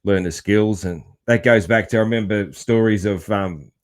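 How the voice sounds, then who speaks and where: Aussie guy hosting a podcast, kinda low voice, easygoing and rambly, laughs a lot. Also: normal speed. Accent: Australian. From Australia. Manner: relaxed, rambling, laughs often. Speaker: podcast host. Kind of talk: casual interview chat.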